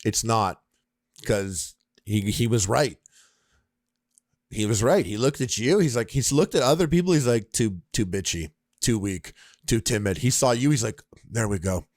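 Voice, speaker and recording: A man's voice: on the low side, normal speed, no echo, studio quality. A man hosting a casual podcast, joking around and jumping into silly voices. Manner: animated joker, jumps into silly voices. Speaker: podcast host. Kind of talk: casual comedic chat.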